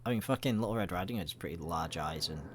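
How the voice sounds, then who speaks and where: A man with a somewhat low voice talks his way through a game in loose, rambling let's-play commentary. He jokes crudely and swears freely. A faint hiss of noise sits under his voice. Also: lively intonation, fast talker. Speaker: gaming video creator.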